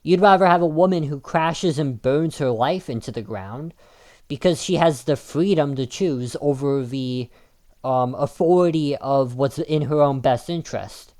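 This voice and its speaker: A man's voice: fairly high pitch, unhurried, darkish tone. A man delivering an argumentative opinion monologue in a combative manner, with frequent restarts and filler ums. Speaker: video commentator.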